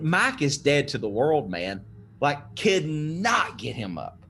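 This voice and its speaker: A man's voice: a little high, very animated, slow, a bit bright, husky. A young man casually telling a spooky story on a podcast, swearing freely and laughing as he goes. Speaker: podcast guest.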